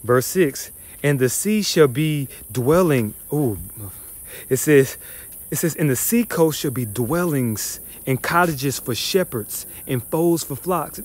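A man's voice: a little high, animated, slow pace. Heated, profane man teaching scripture. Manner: profane, scornful, emphatic, reads verses then rants.

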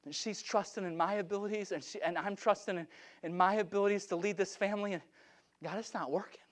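A middle-aged man preaching an impassioned revival sermon in a church, swinging from shouts down to hushed, repeated phrases. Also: sits high, fairly even intonation, quick pace. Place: church sanctuary.

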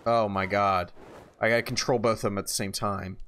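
A man casually commenting while playing a video game for the first time, reacting loudly to surprises and musing quietly in between, a bit tired. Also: on the low side, fairly quick, slight background noise. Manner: reactive, swings from calm musing to excited shouts. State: tired, yawning. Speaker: gaming YouTuber. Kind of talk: casual let's-play commentary.

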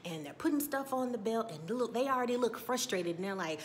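A woman giving a casual, animated TV episode recap, chatty and sassy as she acts out scenes. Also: a little high, brisk, hardly any pauses, slight background noise. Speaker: TV recap vlogger.

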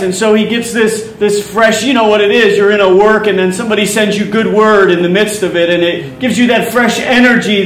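A man's voice: high-pitched, slight background noise. A male pastor with a Philadelphia accent, preaching a conversational sermon and paraphrasing scripture with frequent repetitions. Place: church hall. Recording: echoey hall from far off.

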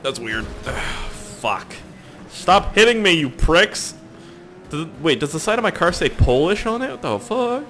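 This gaming YouTuber speaks in a slightly high, sing-song voice with a sharp tone and a measured pace, over slight background noise. He's a young man rambling casually about his gameplay, swearing and joking with his audience.

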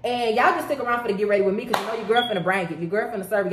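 A woman vlogger chatting to camera at home, animated and talkative, calling her viewers y'all, girl and baby. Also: medium pitch, very fast, background noise. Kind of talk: casual get-ready-with-me chat to camera.

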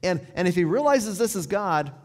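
Man in the pulpit, somewhat high voice, conversational storytelling sermon, phrases fading to a hush, church reverb. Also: animated, normal speed. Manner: drops to a near hush at ends of phrases, then rises. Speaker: pastor. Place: church sanctuary.

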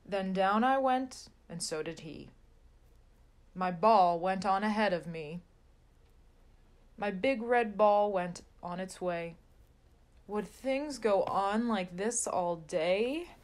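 A woman's voice: medium pitch, slow, pauses often, a little mellow. A woman reading a rhyming children's picture book aloud in a sing-song way. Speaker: storybook reader.

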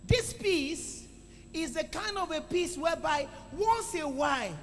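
A man preaching a sermon to a congregation, calling for responses and swinging between loud exclamations and quiet asides. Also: very high-pitched, expressive, a little slow, slight background noise. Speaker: pastor. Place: church hall. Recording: echoey church hall with music.

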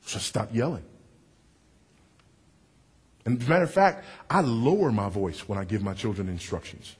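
Husky-voiced preacher man with a big voice. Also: moderate pace. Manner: emphatic, swinging from loud to low for effect; confessional and wry, working the crowd. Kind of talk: sermon.

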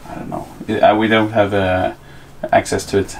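A man's voice: lowish voice, little pitch movement, moderate pace, vocal fry. Hesitant Norwegian man, noisy site. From Norway. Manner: hesitant, searching for words. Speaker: electrician. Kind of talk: casual chat.

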